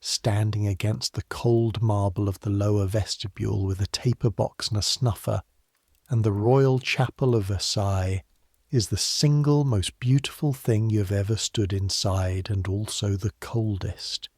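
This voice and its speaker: A man narrating a scripted bedtime history story in the second person, slow, soft and unhurried, with hushed asides. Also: fairly low pitch, steady tone, no echo, clean studio sound.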